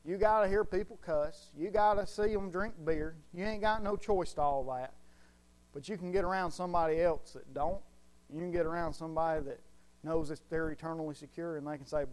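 A preacher with a fairly high voice for a man, talking in a folksy, drawling way. He tells stories with plenty of animation. He sounds like he is chatting with his flock more than orating. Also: fairly quick. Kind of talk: informal sermon.

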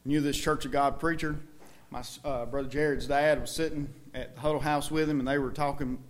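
A man's voice: on the high side, level tone, brisk. A man with a Southern US accent preaching a sermon in a church, folksy and conversational, with emphatic outbursts.

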